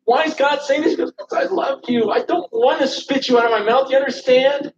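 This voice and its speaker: A man's voice: very high voice, brisk. A man preaching a sermon, urgent and impassioned, often repeating words as he restarts a thought. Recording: echoey, distant, dull church recording.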